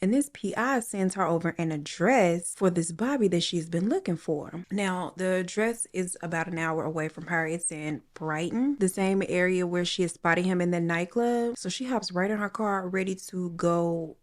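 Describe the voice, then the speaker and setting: A woman with a fairly low voice tells a true crime story in a relaxed, chatty way. She drops casual slang and talks straight to her viewers, like catching up with friends. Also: normal speed, hardly any pauses. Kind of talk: casual true crime retelling while coloring.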